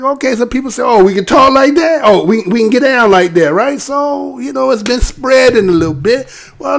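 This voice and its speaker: A man's voice: extremely high pitch, vocal fry, a bit bright. A man hosting his own live show, talking to viewers in a rambling, profane, streetwise way and often tagging "right?" onto his points. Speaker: host of a live streamed show. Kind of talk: casual rant to a live chat.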